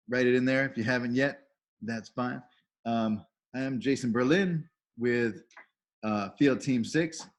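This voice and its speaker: A middle-aged man hosting a video call training, casually welcoming people and cheerfully reading out chat messages with praise. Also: fairly low pitch. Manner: enthusiastic, reads out chat messages with upbeat praise. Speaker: volunteer trainer and call host.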